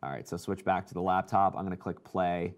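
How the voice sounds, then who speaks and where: A man hosting a casual live tech show, talking excitedly and reading out viewer comments. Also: deep voice, fairly quick.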